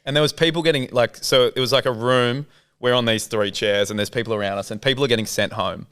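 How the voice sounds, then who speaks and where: A man telling a story as a podcast guest, excitable and using "like" heavily. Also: mid-range voice, fast, clean tone. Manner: excitable, heavy on "like". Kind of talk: casual storytelling.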